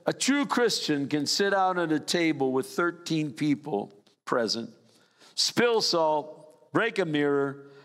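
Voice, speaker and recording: Slowly and deliberately, an older male pastor with a slightly high voice preaches a sermon, raising key phrases before sinking low and soft in sweeping pitch swings. A long reverb rings around him as though he fills a church hall.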